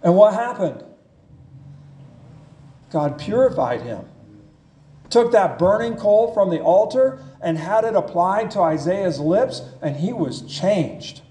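Slow, high-voiced preacher in an echoey sanctuary. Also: male voice, sing-song, mellow, slight background noise. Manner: slow, emphatic preaching, reading scripture aloud. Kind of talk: sermon. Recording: echoey church room.

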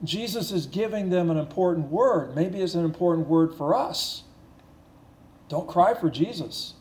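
Male pastor, slightly high voice, earnest building sermon delivery, echoey room sound. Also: lively intonation, darkish tone. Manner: earnest, repetitive preaching with slowed emphasis and rising intensity.

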